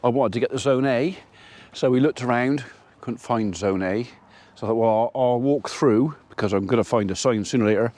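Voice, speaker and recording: A man's voice: medium pitch, a little fast, a little mellow. A man, a farmer, chatting casually to camera as he tells a rambling story about his day. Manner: chatty, rambling anecdote with quoted dialogue. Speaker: farmer vlogger.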